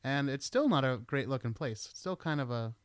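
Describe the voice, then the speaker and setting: A man's voice: mid-range voice, lively intonation, a little fast, clean tone, no room sound. A middle-aged American man hosting a podcast, chatting casually and telling stories with the odd swear word. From United States. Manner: laid-back, swears casually, tells stories. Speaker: podcast host. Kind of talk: casual chat.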